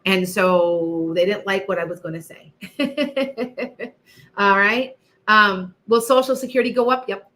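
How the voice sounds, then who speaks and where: Middle-aged woman, live psychic host, bright voice, emphatic and repetitive, chatty with viewers. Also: mid-range voice, unhurried. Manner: emphatic, repeats herself, chatty asides to viewers. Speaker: psychic livestream host answering viewer questions. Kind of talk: casual live-stream chat.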